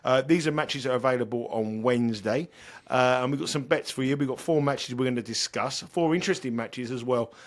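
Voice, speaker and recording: A man's voice: mid-range voice, fairly quick. A man hosting a casual betting podcast, rambling and self-deprecating, often stumbling and repeating words. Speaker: podcast host.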